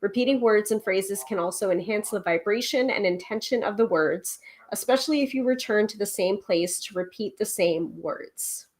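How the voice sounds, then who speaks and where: A woman's voice: medium pitch, moderate pace. Woman host for a casual home tarot stream, chatty and loose, lots of filler. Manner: chatty, many ums, reads viewer comments and book passages aloud. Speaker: tarot reader and livestream host. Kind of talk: casual livestream chat. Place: home livestream.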